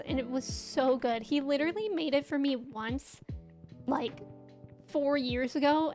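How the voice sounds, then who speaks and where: A young woman streaming a farming game, chatting casually, giggling and greeting her viewers as she plays. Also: sits high. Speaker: livestreamer. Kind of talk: casual chat while playing a game. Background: faint game music.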